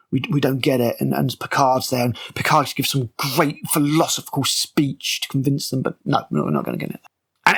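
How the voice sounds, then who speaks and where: A man's voice: medium pitch, gravelly, husky. A man reviewing a TV episode scene by scene in an exasperated, sarcastic rant. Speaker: TV critic.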